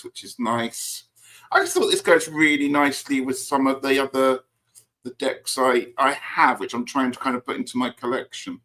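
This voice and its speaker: A man's voice: medium pitch, fairly bright tone. A man chatting playfully as co-host on a livestream, giggly and showing cards on a video call. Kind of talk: casual livestream chat.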